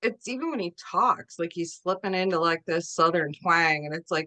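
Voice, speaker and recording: A woman's voice: fairly low pitch, expressive, moderate pace, bright, forceful tone. A woman co-hosting a podcast, chatting casually and joking with frequent laughs. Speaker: podcast co-host.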